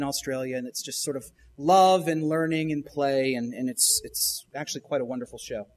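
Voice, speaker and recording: A male pastor retelling a children's show episode during a sermon, with frequent restarts and emphatic rises. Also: fairly high pitch.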